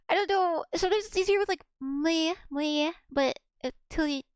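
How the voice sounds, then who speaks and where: A woman's voice: extremely high pitch, takes it slowly, no echo. A young woman streaming casually, chatty and self-mocking, filling her talk with "like" as she sounds out foreign words. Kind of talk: casual livestream chat, practicing Russian words aloud.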